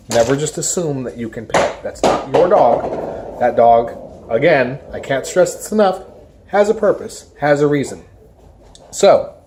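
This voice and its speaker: A woman's voice: very deep voice, slight background noise. A woman who handles a service dog, talking to camera in an informal, emphatic way and hammering home her main points. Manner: emphatic, repeats key points; lively mimicry of careless strangers. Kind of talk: informal educational talk to camera. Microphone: camera in front of her.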